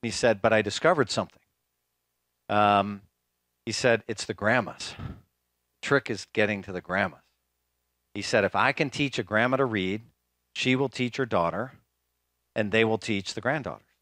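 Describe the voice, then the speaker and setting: A man's voice: fairly low pitch, normal speed, long pauses, fairly bright tone, no room sound, studio quality. A man giving a conference keynote in a casual storytelling way, with many fillers and restarts. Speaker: speaker. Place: conference hall, live talk.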